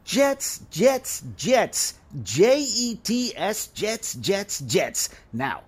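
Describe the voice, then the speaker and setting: A man's voice: sits high, huge pitch swings, normal speed, fairly bright tone, exaggerated voice. A man with a Queens accent playing a wisecracking pawnshop owner who haggles hard. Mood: haggling. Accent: New York, Queens. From Queens, New York. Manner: wisecracking, bargaining.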